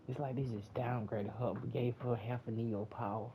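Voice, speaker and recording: A man's voice: mid-range voice, steady tone, moderate pace. A man giving a profane, repetitive, exasperated casual movie review rant in a lo-fi home recording. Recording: dull lo-fi with faint hiss.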